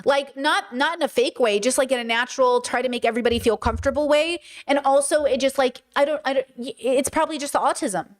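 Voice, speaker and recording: A young woman hosting a casual livestream, talking in an animated, chatty way and slipping into mimicked voices. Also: high-pitched, fast talker, hardly any pauses. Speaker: livestream host.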